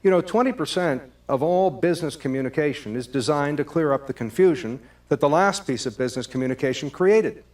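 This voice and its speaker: A man, a presenter giving a scripted talk on communication in a lively storytelling manner. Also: a little high, fairly quick. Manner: lively storyteller, acts out both sides of a call. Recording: distant microphone.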